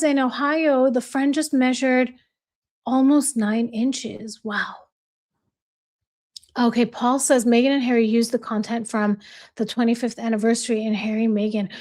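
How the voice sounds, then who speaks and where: A woman's voice: a little high, a little mellow. A woman hosting a casual livestream, chatty and bubbly, reading viewer comments aloud and greeting viewers by name, laughing easily. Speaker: livestream host.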